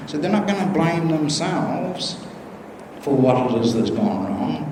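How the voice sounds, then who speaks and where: A man's voice: fairly high pitch, moderate pace, darkish tone, slight background noise. A man who is a Western Buddhist monk, giving an informal humorous Dhamma talk full of anecdotes and acted-out dialogue in a large temple hall. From Western country. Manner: humorous, chuckling at his own stories, acts out dialogue. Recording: echoey hall recording with faint room ambience.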